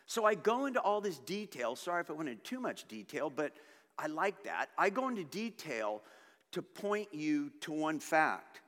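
A man preaching a sermon as pastor, emphatic and animated with conversational asides. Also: on the high side, moderate pace. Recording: reverberant hall.

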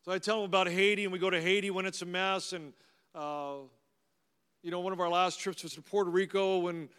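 A man's voice: high voice, fairly even intonation, fairly quick, smooth. A middle-aged man, a pastor, telling personal stories in a conversational, humorous sermon. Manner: conversational, anecdotal, warmly humorous. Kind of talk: storytelling sermon. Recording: long reverb of a large hall.

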